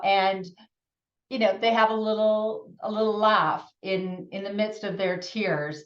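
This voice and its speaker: Woman podcast host from Canada, gentle and earnest, unhurried; distant, dull lo-fi recording with room echo. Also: medium pitch, fairly even intonation. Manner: gentle, earnest, laughs often, many restarts. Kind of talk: reflective solo talk. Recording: roomy, distant, dull lo-fi sound.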